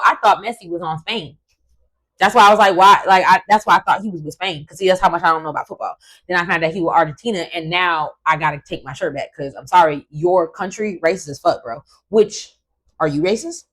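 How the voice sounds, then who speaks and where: A woman hosting a casual commentary vlog, ranting in an emphatic, profane and animated way. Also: medium pitch, poor audio. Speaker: host.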